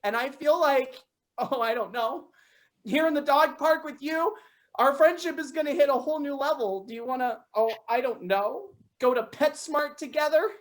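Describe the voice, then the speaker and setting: A young woman playing a high, excitable dog owner. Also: moderate pace, lightly acted. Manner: animated, bursts into shouting. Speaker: improv comedy performer.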